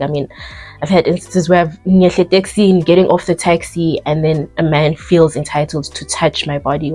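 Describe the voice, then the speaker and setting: A woman's voice: deep voice, darkish tone. A woman in her thirties with a South African accent, chatting earnestly on a vlog about life after moving. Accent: South African English. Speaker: vlogger. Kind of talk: casual chat.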